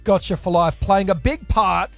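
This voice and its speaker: A male radio host bantering with a caller in a chirpy, friendly way and firing off quick questions. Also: high-pitched, gravelly, faint music behind. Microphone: studio microphone.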